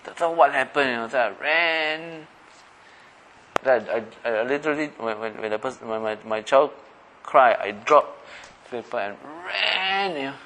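A middle-aged pastor speaks at medium pitch and normal speed over background noise, preaching conversationally. He checks in with listeners by asking questions and acts out the voices of everyday people.

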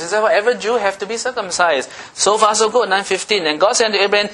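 A man's voice: high-pitched, lively intonation, fairly quick, pushed and bright. A male pastor giving a sermon in a playful, teasing way, often checking in with his listeners.

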